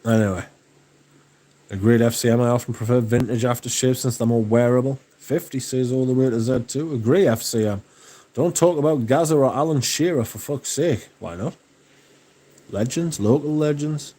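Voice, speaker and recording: A man hosting a livestream, chatting casually and reading out viewer comments, relaxed and enthusiastic with plenty of swearing. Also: mid-range voice, normal speed. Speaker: livestream host.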